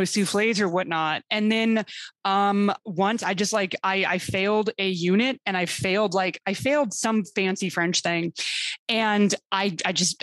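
This is a woman speaking as a guest on an interview show, telling a personal story in a loose, rambling way. She drops in frank swear words and keeps starting her sentences over. Her voice sits at a middle pitch and is recorded close, with a dry sound. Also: fairly bright tone, no echo. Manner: rambling, profane, acts out quotes of others. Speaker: guest, divorce recovery coach.

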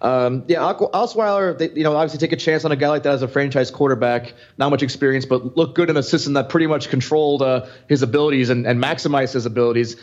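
A man's voice: mid-range voice, fast, few pauses. A man co-hosting a fantasy football podcast, rambling with many restarts. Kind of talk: casual sports chat. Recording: slightly muffled audio.

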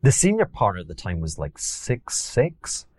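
A man's voice: fairly low pitch, wildly swooping pitch, moderate pace, darkish tone, a little hiss or hum. A Glaswegian man from Scotland, an investor guest telling stories in a casual interview, rambling with many repeats and restarts.

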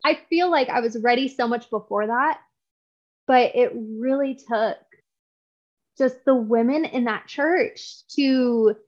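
Earnest woman guest, muffled lo-fi sound. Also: fairly high pitch. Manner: earnest and heartfelt, with frequent restarts. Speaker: podcast guest. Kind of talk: conversational interview.

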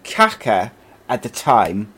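A man with a fairly low voice hosts a loose, chatty football podcast. He rattles off player names and reads listener comments aloud in an easygoing way. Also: huge pitch swings, slow pace, bright, forceful tone, slight background noise. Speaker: podcast host. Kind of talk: casual football chat.

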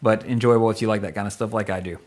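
A middle-aged man hosting a podcast, rambling through a movie review with quick asides and casual swearing. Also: on the low side, fairly even intonation. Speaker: podcast host.

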